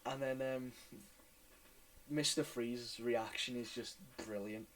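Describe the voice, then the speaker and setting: A man's voice: mid-range voice, fairly even intonation, slow pace, low-quality recording. A man hosting a casual podcast chat, rambling and swearing with many restarts. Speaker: podcast host.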